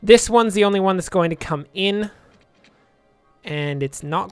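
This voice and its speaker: A man's voice: sits high, unhurried, clear, resonant tone, dry recording, faint music behind. A young man casually commentating his gameplay, rambling and joking, muttering asides to himself at a home desk microphone. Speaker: let's play host.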